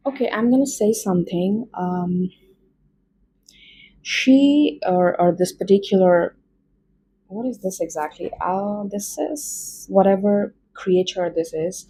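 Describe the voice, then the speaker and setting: A woman's voice: medium pitch, takes it slowly, warm tone, a little hiss or hum, poor audio. A woman with an Indian accent doing a casual tarot reading, chatty and rambling with many fillers. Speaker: tarot reader.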